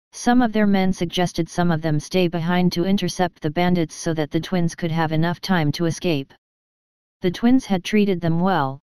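Woman, audiobook narrator, steady storytelling, smooth resonant voice, dry close studio mic. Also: on the low side, dry recording. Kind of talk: scripted narration.

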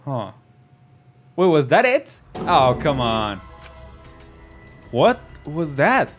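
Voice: mid-range voice, very animated, drawn-out words, soft background music. A let's play host commenting on a story game, joking and laughing as they go, also reading the game's narration aloud. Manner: joking, laughs mid-sentence.

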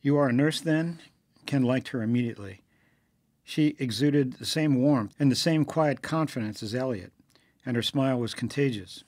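A man reading a novel aloud as narrator, lifting his pitch a little for the characters' lines. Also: normal speed, darkish tone, dry recording. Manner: reads dialogue with slightly raised pitch for characters. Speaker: audiobook narrator.

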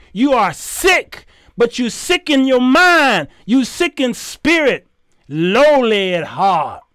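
A man with a strikingly high voice delivers a heated, preachy rant as host of his own show. His tone is smooth and clear, and he hammers his points home by repeating phrases as if scolding a congregation. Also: fairly bright tone, no room sound, studio quality.

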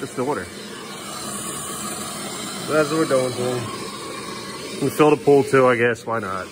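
A man's voice: mid-range voice, noisy background. A middle-aged man, a father filming a home vlog, exasperated and scolding as he keeps repeating commands to his kids. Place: family home, indoors and yard.

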